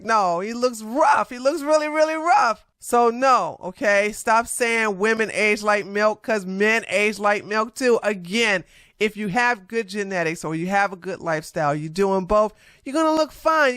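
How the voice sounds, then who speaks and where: A woman vlogger reacting to social media replies in a brash, sassy, confrontational way, with loud laughs. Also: medium pitch, dry recording, studio quality. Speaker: commentary vlogger.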